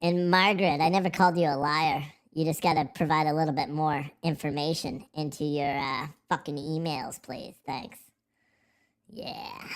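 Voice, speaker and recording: A livestream host chatting casually in a silly put-on voice, rambling, swearing and goofing around. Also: medium pitch. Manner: profane, rambling, goofy.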